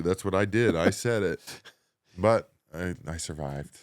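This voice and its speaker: Animated low-voiced man telling a story. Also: moderate pace. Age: 40s. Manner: animated, swings between loud excited bursts and low quiet asides. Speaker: guest, professional wrestler. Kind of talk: casual interview storytelling.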